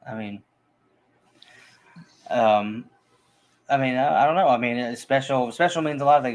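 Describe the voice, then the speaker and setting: A man's voice: mid-range voice, normal speed, pauses often. A man in casual conversation about a film, talking in a rambling way with frequent restarts and fillers. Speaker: movie podcast co-host.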